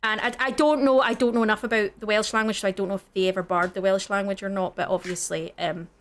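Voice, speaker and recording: A woman's voice: mid-range voice, steady tone, fast talker. Chatty Scottish woman gaming. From Scottish Highlands. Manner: rambling, many fillers and restarts. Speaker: gaming channel co-host. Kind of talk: casual chat while gaming.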